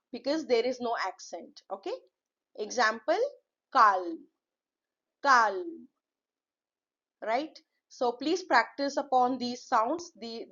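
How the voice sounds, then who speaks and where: A woman teaching French pronunciation in a slow lesson, repeating each word with drawn-out model pronunciations. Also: fairly high pitch, muffled recording.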